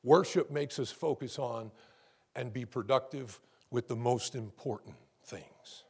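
A man's voice: medium pitch, unhurried, slightly rough. A male pastor preaching a sermon, calling out to the congregation with asides and building to fervent emphasis.

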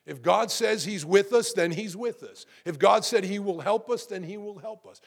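A middle-aged man preaching a sermon to his congregation, lively and conversational, asking rhetorical questions and often repeating words. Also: high voice, normal speed, gravelly, breathy edge. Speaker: pastor.

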